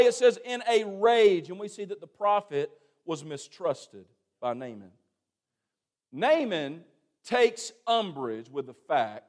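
A man preaching a sermon, folksy and dramatic, calling for amens and acting out scripture. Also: sits high.

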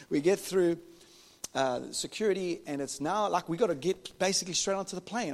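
Pastor preaching in a reverberant hall. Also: male voice, fairly high pitch. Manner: animated storytelling, jokes with the congregation. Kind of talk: sermon.

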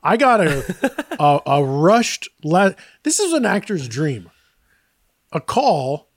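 Man, podcast co-host, casual chat, self-deprecating, laughing while talking, fairly high voice, dry close sound. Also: big pitch swings, takes it slowly, dry recording. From Greek heritage.

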